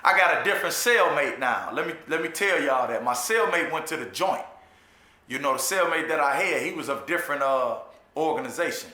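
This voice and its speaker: His voice is a little high and his delivery brisk as this man casually retells going to jail. Recorded in an echoey room, the animated monologue loops through restarts and repetitions, laced with profane street slang and "you know what I'm saying."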